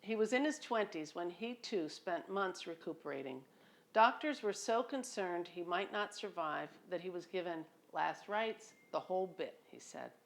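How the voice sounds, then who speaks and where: Low-voiced woman reading her memoir. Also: animated, moderate pace. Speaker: memoir narrator. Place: home near a beach.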